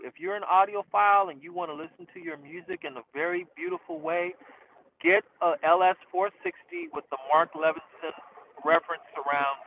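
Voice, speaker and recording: A man's voice: a little high, vocal fry, a little hiss or hum. A man who hosts a rideshare channel, chatting casually to camera and answering viewer questions in a self-amused way, trailing off with fillers. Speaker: rideshare driver and channel host. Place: inside a car. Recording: dry, tinny phone-like sound.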